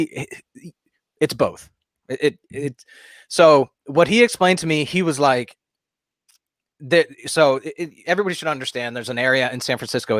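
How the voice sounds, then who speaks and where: A man's voice: mid-range voice, fairly bright tone, dry recording, studio quality. A man co-hosting a podcast, telling a long, rambling anecdote in casual chat. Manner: rambling storyteller, many fillers and restarts. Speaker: podcast co-host.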